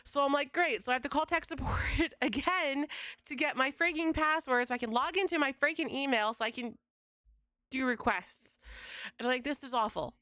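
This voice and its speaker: A young woman livestreaming from home, venting to her chat in a casual, exasperated rant with swearing and quick retellings of conversations. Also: high-pitched, sharp tone, no echo, studio quality. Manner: exasperated, swearing, quoting others in fast retelling. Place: home streaming setup.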